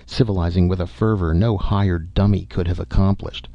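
A man reading an audiobook in a steady, even narration, on a dull, dry recording. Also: low voice, moderate pace, no room sound. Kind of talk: scripted narration.

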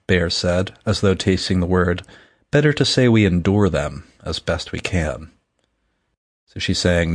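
A man's voice: low voice, measured pace. A man co-hosting a casual book discussion, reading passages aloud and laughing easily. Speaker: podcast co-host.

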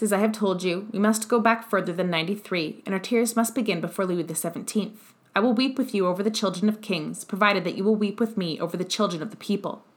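A woman reads a bitter old revolutionary on his deathbed, fierce in argument. The delivery stays even and measured, at a medium pitch, like an audiobook passage. There is little put-on voice. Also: close to an everyday voice. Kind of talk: audiobook character reading.

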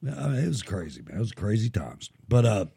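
A middle-aged man hosting a live show, telling profane, animated stories in casual chat. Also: on the low side, brisk, creaky, slightly rough. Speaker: show host.

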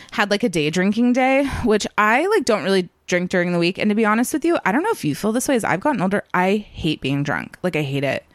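A woman's voice: fairly low pitch, no room sound. A young woman chatting casually as a podcast co-host, rambling with lots of "like" and laughing as she acts out quotes. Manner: chatty, laughs often, acts out quotes in loud mocking voices. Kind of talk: casual chat.

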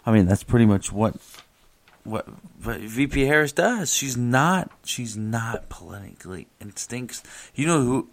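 A man giving an opinionated solo political commentary, sarcastic and rambling with frequent restarts. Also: low voice. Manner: sarcastic, mocking impressions. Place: South Carolina.

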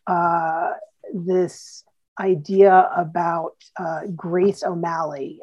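A woman guest on an interview, telling history anecdotes in a lively way with many restarts. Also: on the low side, muffled recording. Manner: animated, acts out quotes, many restarts. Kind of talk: casual storytelling.

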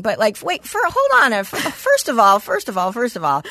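A woman's voice: a little high, wildly swooping pitch, moderate pace, few pauses, pushed and bright, no room sound, studio quality. A woman with a New Jersey accent co-hosting a podcast in casual chat, laughing often and talking bluntly with some swearing. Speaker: podcast co-host.

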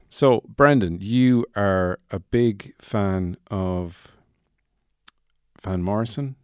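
Low-voiced man, dry interviewer. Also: slow, darkish tone, no echo. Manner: dry, skeptical questioning. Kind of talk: deadpan comedy interview.

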